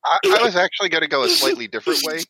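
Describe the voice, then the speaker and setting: A man playing a tabletop game, telling his take in an animated, storytelling way. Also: fairly high pitch, rapid-fire, slightly rough, no room sound, poor audio. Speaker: player. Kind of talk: casual tabletop game chat.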